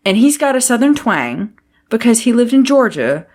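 A woman's voice: fairly high pitch, big pitch swings, normal speed, darkish tone. A woman co-hosting a podcast in casual chat, tipsy from drinking, rambling, swearing and laughing often. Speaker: podcast co-host.

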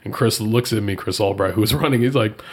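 Man, low gravelly voice, animated storyteller, casual chat. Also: a little fast. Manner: animated, jumps high when quoting people.

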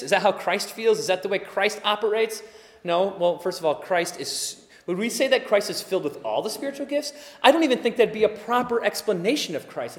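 A man in his forties preaching a sermon as pastor, animated, acting out little scenes and dropping to soft murmurs. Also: high voice, big-room sound. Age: 40s.

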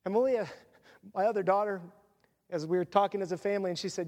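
Man, pastor, middle-aged, earnest sermon, high voice, long hall reverb. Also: steady tone, fast talker, long pauses, darkish tone. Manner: earnest, confessional preaching.

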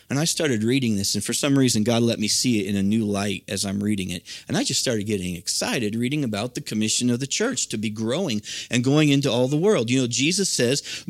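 A man's voice: fairly high pitch, dry recording. American male pastor, conversational sermon delivery, dry close recording. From United States. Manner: earnest, conversational preaching with frequent fillers.

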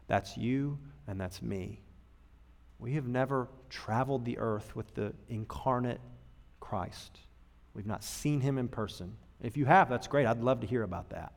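A man's voice: mid-range voice, moderate pace, vocal fry. A man delivering a sermon as a pastor, conversational and humorous, acting out the people he quotes. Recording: long hall reverb.

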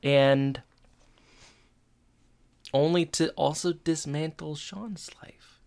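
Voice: mid-range voice, extremely slow, gravelly, a little mellow. A podcast co-host chatting casually while recapping a TV episode, adding dry asides and voicing the quotes. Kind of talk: casual chat.

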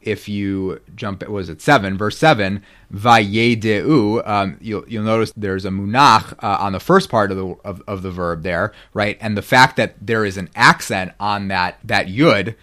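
A man's voice: on the low side, unhurried, few pauses, pushed and bright. A man lecturing on biblical Hebrew grammar in a rambling, self-correcting way. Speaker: guest scholar.

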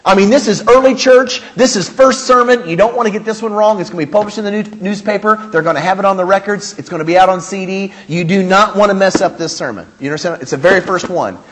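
A male pastor preaching a sermon, animated and emphatic, with humor and rhetorical questions. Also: high voice, quick pace, hardly any pauses, a little hiss or hum.

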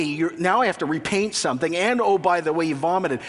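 A man in his thirties delivers a sermon from the pulpit, telling a personal story with lively, self-deprecating humor before turning to his point. His voice sits a little high for a man. Long reverb rings around him from a big church hall. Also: fairly quick. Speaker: pastor.

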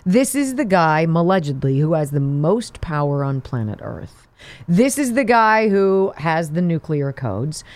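A woman's voice: low-pitched, very animated, unhurried, darkish tone, no echo. A woman hosting a political talk show, delivering sarcastic, mocking commentary.

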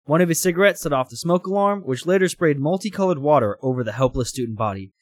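A man's voice: fairly high pitch, animated, quick pace, no echo, studio quality. A man hosting a comedy show, reading a story aloud with laughs between lines.

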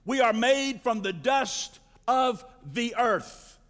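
A male pastor preaching a sermon, building to shouted climaxes and calling for responses from the congregation. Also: extremely high pitch, animated, takes it slowly, big-room sound.

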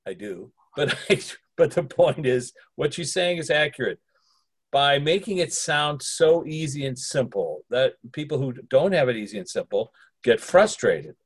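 A man's voice: mid-range voice, lively intonation, moderate pace, husky, no room sound. A man co-hosting a podcast in casual chat, playful and joking, often laughing. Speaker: podcast co-host.

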